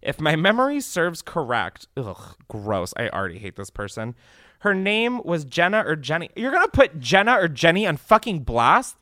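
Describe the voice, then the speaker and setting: Animated, sarcastic young man. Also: on the high side, moderate pace, no room sound, studio quality. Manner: animated, sarcastic, swearing, laughing often. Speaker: podcast host. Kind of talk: casual comedic chat, reading reviews aloud.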